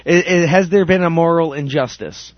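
A man's voice: on the high side, normal speed, no echo, highs cut off. A man hosting a casual podcast chat, telling a story animatedly with many restarts. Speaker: podcast host. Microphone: studio microphone.

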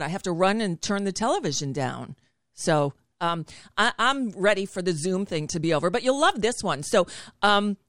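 A woman's voice: medium pitch, no room sound, studio quality. Chatty woman hosting a talk show. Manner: chatty, digressive, laughs often. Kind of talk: casual chat over video call. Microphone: video call setup.

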